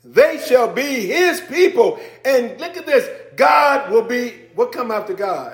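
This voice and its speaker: A man preaching a sermon in church. He swings between hushed asides and near-shouted emphasis, with casual remarks to the congregation. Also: very high-pitched, very animated, measured pace, few pauses. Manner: informal, conversational asides with the congregation. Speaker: pastor. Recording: echoey church room.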